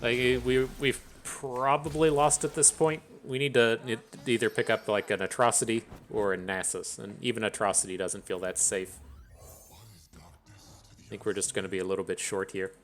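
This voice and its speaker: A man's voice: fairly low pitch, fairly even intonation, moderate pace, fairly bright tone, a little hiss or hum. A man giving casual, rambling commentary on his own card game match, often restarting sentences and mocking his own misplays. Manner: rambling, self-deprecating, stammers and restarts. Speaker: gaming streamer.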